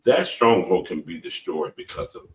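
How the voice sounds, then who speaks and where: A man co-hosting a podcast, talking through scripture in a relaxed, reflective way and laughing easily. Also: low-pitched, normal speed. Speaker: podcast co-host. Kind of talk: casual faith-based discussion. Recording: distant mic with faint room noise.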